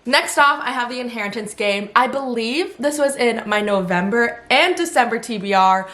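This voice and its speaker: A woman's voice: fairly high pitch, lively intonation, normal speed, fairly bright tone. A young woman in her twenties, a book vlogger, chatting casually at home in a bubbly way and filling her talk with "like". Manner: bubbly and chatty, heavy use of "like". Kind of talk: casual chat.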